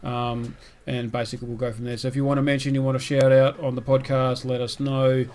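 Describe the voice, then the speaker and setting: A man with an Australian accent co-hosting a casual gaming podcast, rambling and joking in quick bursts. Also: medium pitch, little pitch movement, darkish tone. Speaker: podcast co-host.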